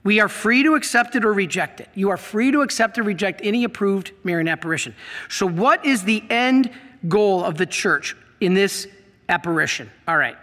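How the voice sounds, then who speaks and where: A man's voice: high-pitched, lively intonation, moderate pace, sharp tone, long reverb tail. A middle-aged man preaching a sermon to a congregation, emphatic and asking them questions. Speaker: priest. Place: church.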